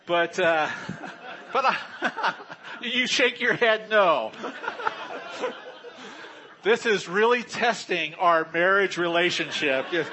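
Slow-talking pastor man, chuckling. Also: sits high, expressive, pushed and bright, a little hiss or hum. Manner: chatty and joking, chuckling often. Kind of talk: sermon.

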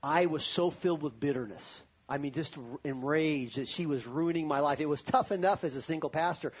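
A man's voice: fairly high pitch, brisk, breathy edge, lo-fi sound. A pastor preaching a sermon to his congregation, telling a personal story and then rising to fervent preaching.

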